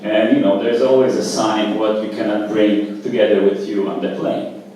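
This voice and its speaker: A man performing open mic stand-up comedy at a small cafe, talking in a casual, halting way with lots of fillers. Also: lowish voice, level tone, mellow, very echoey, far from the mic, a little hiss or hum, rough recording. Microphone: handheld stage mic.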